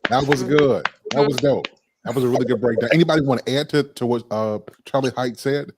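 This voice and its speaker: A man hosting a casual group discussion, speaking in an animated, preacherly way. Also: mid-range voice, fairly quick, husky. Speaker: host.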